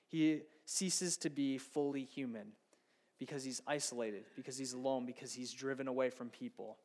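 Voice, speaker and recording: A man in his thirties preaching a conversational sermon, acting out imagined inner thoughts. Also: on the high side. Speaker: pastor.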